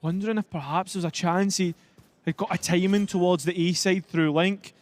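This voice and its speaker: A man's voice: high voice, steady tone, normal speed. A man giving analytical color commentary on an esports match, sometimes correcting himself mid-sentence. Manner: analytical, occasional self-corrections and laughs.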